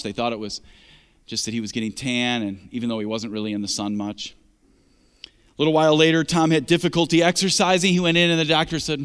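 A man's voice: mid-range voice, steady tone, brisk, fairly bright tone, smooth, in a large hall. A man preaching a sermon as pastor, emphatic and conversational, asking the congregation rhetorical questions.

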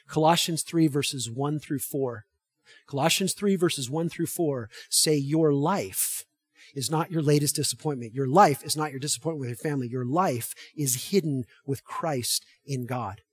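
Husky-voiced man preaching a sermon. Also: fairly high pitch, unhurried, dry recording. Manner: shifts from hushed tender passages to loud emphatic preaching. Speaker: pastor.

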